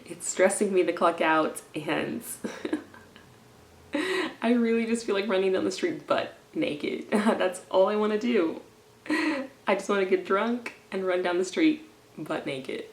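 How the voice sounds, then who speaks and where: A young woman vlogging in a stressed, rambling confessional, swinging from low mumbling to loud indignant outbursts and slipping made-up words into her speech. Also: animated, a little slow. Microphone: camera in front of her. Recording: echoey room.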